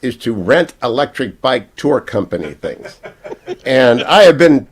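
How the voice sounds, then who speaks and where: A man's voice: medium pitch, big pitch swings, a little slow, breathy edge. A man hosting a radio talk show from a hotel room, joking and rambling playfully with his co-host. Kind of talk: casual broadcast banter.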